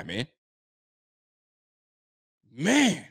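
A man's voice: fairly high pitch, expressive, brisk, a bit bright. A man giving a frustrated, blunt post-game reaction, repeating himself and using casual slang. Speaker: sports fan commentator.

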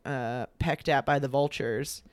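A young man casually retelling a myth, full of fillers and quick acted-out quotes. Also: medium pitch, fairly even intonation, no room sound. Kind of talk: casual storytelling chat.

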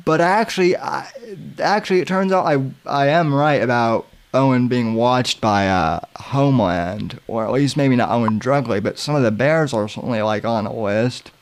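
A man hosting a podcast, giving casual commentary in a halting way with many filler sounds and restarts. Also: mid-range voice. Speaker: podcast host.

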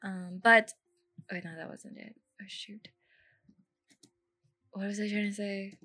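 A woman's voice: mid-range voice, fairly even intonation, measured pace, bright, forceful tone. A young woman hosting a podcast, chatting casually in a rambling way with lots of fillers and laughing at herself. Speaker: podcast host. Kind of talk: casual chat.

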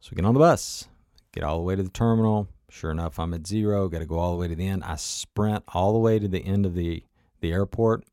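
Deep-voiced man telling a personal story. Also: fast talker, mellow, dry recording, studio quality. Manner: conversational storyteller, frequent asides to listener. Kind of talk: personal story, motivational talk.

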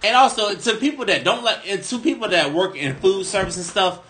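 A man's voice: high voice, lively intonation, brisk, a bit bright, slight background noise. A man, co-hosting a casual podcast and ranting with heavy profanity, who keeps asking "you know what I'm saying.". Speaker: podcast co-host.

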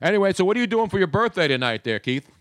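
A man's voice: sits high, very animated, rapid-fire, a bit bright, dry recording, clean studio sound. A man hosting a talk show, joking and rambling in casual banter. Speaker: radio show host.

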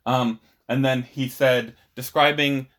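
A man's voice: mid-range voice, fairly even intonation, takes it slowly, fairly bright tone. A man co-hosting a podcast in casual conversation, rambling and hesitant as he talks. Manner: rambling, hesitant, with many restarts and fillers. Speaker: podcast co-host. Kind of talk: casual chat.

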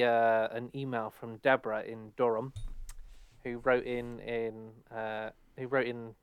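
A man's voice: mid-range voice, a bit bright, clean tone, no echo. A young man in his twenties from England, co-hosting a podcast in casual, rambling chat full of fillers. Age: 20s. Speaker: podcast co-host.

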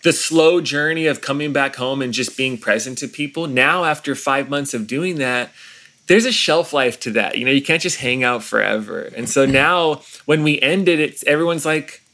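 A man, a pastor, talking in an earnest, reflective way during an interview, often pausing and restarting his sentences. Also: mid-range voice, sharp tone.

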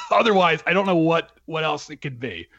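A man's voice: on the high side, expressive, moderate pace, a bit bright, no echo, muffled recording. A man talking casually on a podcast as a writer, chatty, with many fillers and laughs.

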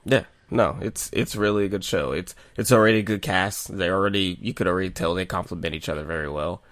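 A young man co-hosting a podcast in casual chat, animated and profane, laughing often. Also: deep voice, fast, no room sound. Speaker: podcast co-host.

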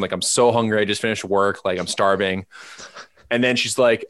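Guy talking real fast, lowish voice, rambling story with tons of likes, dry close sound. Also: fairly even intonation, a bit bright, dry recording. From Los Angeles area. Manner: rambling storyteller with many fillers and restarts. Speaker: podcast co-host. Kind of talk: casual chat.

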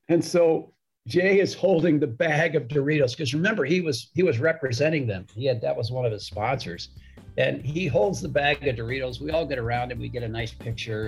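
A man's voice: mid-range voice, husky. A man telling a casual anecdote, chatty, repeating words as he goes and acting out the quotes. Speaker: guest storyteller.

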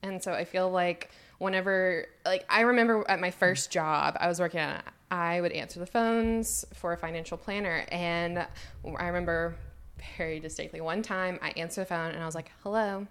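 A woman's voice: on the low side, moderate pace, fairly bright tone, smooth. A young woman from Mississippi with a Southern accent, chatting casually as a co-host, saying "like" and "y'all" and laughing often. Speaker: podcast co-host. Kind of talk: casual chat.

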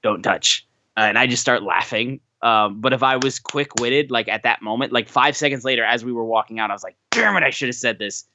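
A young man co-hosting a podcast, telling stories in a casual, animated way and acting out what others said. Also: medium pitch, fairly quick, few pauses, lo-fi sound, slight background noise. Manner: animated, acts out quoted voices, swears casually. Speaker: podcast co-host.

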